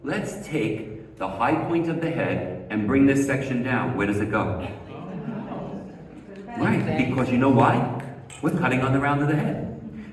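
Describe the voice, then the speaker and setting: A man's voice: medium pitch, a little mellow. A man teaching a live haircut demonstration, coaching step by step, firing rhetorical questions at the class and repeating key words for emphasis. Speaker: hair educator. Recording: echoey hall, mic far off.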